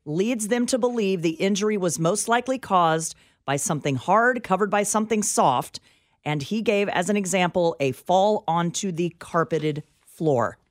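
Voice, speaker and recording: A woman's voice: on the low side, moderate pace. A woman co-hosting a talk radio show, casually questioning and reading reports aloud into a studio microphone.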